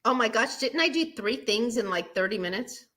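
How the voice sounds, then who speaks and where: A woman's voice: on the high side, lively intonation, moderate pace, bright, forceful tone. A woman with a New Zealand accent, a guest on a chat show, playful and laughing often. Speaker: guest health coach. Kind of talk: casual chat.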